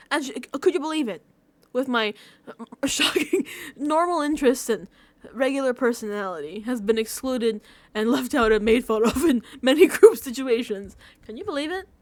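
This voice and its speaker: A young woman recapping a reality show in a casual, animated rant, using a lot of filler and often laughing at her own exasperation. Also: on the high side, no room sound. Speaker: vlogger reacting to a reality show.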